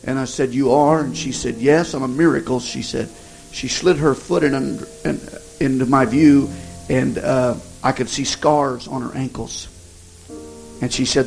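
A man, an evangelist, telling a personal testimony in a folksy, halting way with many restarts. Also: medium pitch, creaky, a little mellow, low-quality recording. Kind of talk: sermon testimony storytelling. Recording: music playing behind the voice.

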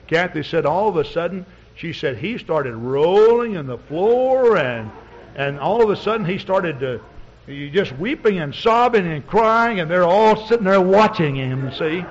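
A man's voice: high voice, expressive, unhurried, slight background noise. A man preaching as a pastor, telling a story in a folksy, rambling way with many fillers. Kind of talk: storytelling sermon. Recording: dull lo-fi recording.

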